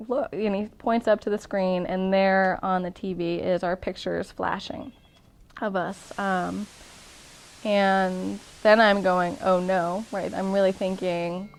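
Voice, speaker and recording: A woman's voice: medium pitch, level tone, measured pace, soft background music. A young woman casually telling the story of her proposal in an interview, chatty, with frequent ums and restarts.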